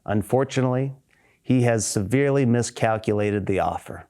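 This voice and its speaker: A male preacher delivers a sermon with a mellow, darker tone. He reads scripture aloud and explains it earnestly, leaning into key words with a lift in pitch. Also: moderate pace.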